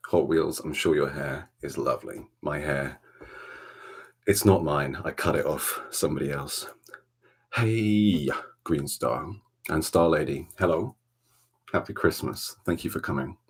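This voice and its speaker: A man with a Welsh accent hosting a relaxed ASMR livestream from a dark room at home, chatting softly and greeting viewers by name. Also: rumbling low, measured pace, slightly rough. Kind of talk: soft-spoken ASMR chat.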